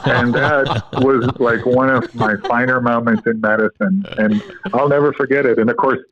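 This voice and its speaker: A man's voice: mid-range voice, fairly even intonation, normal speed, crowd noise. Man talking over a tinny phone line. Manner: instructive storyteller, explains step by step with fillers. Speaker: guest, co-inventor of a medical device. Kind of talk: podcast interview.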